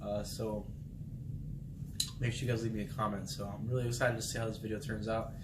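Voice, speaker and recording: A young man and Navy sailor hosting a casual vlog, relaxed at first and then upbeat and animated, talking with friends in a barracks room. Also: lowish voice, fairly quick. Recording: echoey room with background noise.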